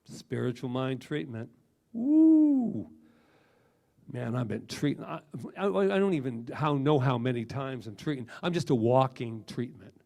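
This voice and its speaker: Middle-aged male minister, gravelly, animated emphatic preacher. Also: mid-range voice, normal speed, few pauses. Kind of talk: sermon.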